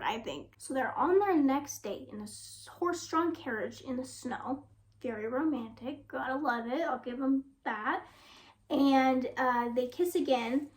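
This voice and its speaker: A young woman casually reviewing a book she dislikes, reading passages aloud and mocking them with sarcastic asides and quick laughs. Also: high voice.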